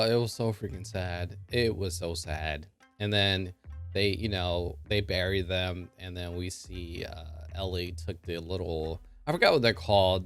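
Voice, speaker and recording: A man casually recapping a TV episode in an excitable way, full of filler words. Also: lowish voice. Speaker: show reviewer.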